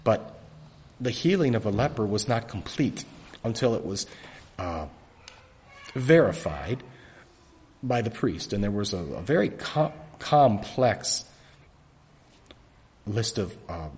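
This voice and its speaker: Low-voiced preacher, hiccuping, raw throat. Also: male voice, very animated, a little mellow, breathy edge. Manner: earnest, halting with restarts. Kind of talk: sermon.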